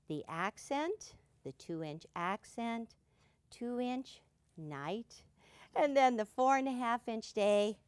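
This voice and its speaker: Upbeat woman hosting a quilting how-to, lowish voice that bounces around a lot, dry close sound. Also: dry recording. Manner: cheerful, upbeat, playful. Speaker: quilting show host. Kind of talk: quilting demonstration.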